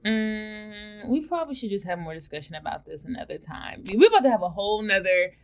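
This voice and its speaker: A woman's voice: mid-range voice, animated, fairly quick, gravelly. Sassy young woman podcast co-host. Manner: sassy, blunt and playful. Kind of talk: casual chat.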